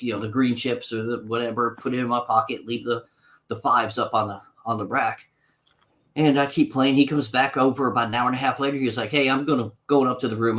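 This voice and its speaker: A man's voice: medium pitch, fairly bright tone. Man telling a long casino story. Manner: long-winded anecdote, swearing, acts out quotes. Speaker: podcast co-host. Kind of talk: casual storytelling.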